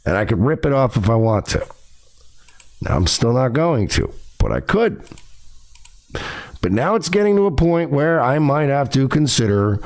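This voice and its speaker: A gravelly man hosts his own podcast, swinging his pitch all over as he rants. He is profane and confrontational, talking straight to the person he is calling out. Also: very animated, moderate pace, long pauses, darkish tone. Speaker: podcast host. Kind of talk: ranting monologue.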